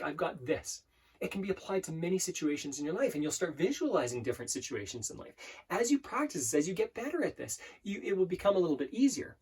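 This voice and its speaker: A man's voice: high-pitched, darkish tone, breathy edge. A man coaching viewers on affirmations in an earnest self-help talk, often repeating words as he explains. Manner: earnest, repeats words and restarts, slows to demonstrate. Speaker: life coach. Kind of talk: self-help teaching to camera.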